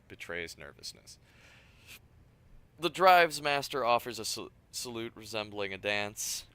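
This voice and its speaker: Streamer, male, low and forceful voice, reads game text aloud, stumbles now and then. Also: clear, resonant tone. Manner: stumbles over words, adds asides. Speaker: streamer reading game dialogue.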